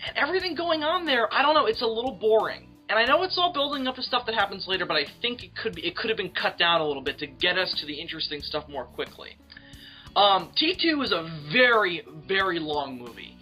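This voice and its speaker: A man's voice: high-pitched, animated, quick pace, pushed and bright, soft background music. A man co-hosting a casual film discussion, emphatic and opinionated, and he swears freely. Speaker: podcast co-host.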